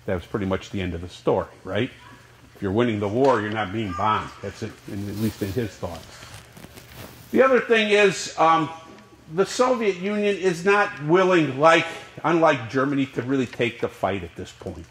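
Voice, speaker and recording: A man teaching a college history class, lecturing in a lively way and asking the class questions. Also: medium pitch, normal speed, roomy sound, slight background noise, low-quality recording. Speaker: history professor.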